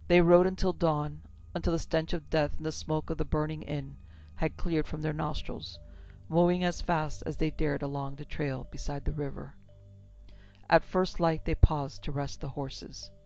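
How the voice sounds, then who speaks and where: Gravelly, steady horror-story narrator. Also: female voice, deep voice. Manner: steady, measured, dramatic. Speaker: narrator and producer. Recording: slightly dull lo-fi with music.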